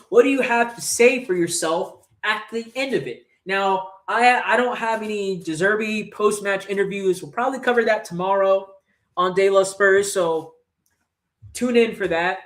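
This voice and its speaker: With a high, fairly bright voice, this football fan channel host vents about the match on a livestream, angry and swearing, asking question after rhetorical question. The recording carries a roomy echo.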